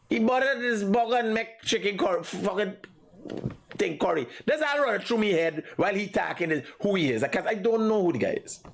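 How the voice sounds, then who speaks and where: High lively Guyanese man mocking. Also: fairly quick. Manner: mocking, laughing, profane. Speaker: show host. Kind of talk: casual live commentary.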